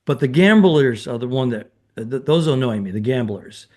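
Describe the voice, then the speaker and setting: Guy on a podcast sounding off with opinions, mid pitch, animated. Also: normal speed. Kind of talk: casual chat.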